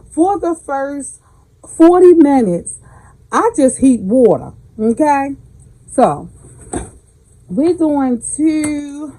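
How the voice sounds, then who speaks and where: A woman from the Southern United States, with a Southern American accent and a slightly high, mellow voice, hosts a home cooking tutorial in her kitchen; the recording quality is low. As a cooking channel host, she chats folksily and calls her viewers baby.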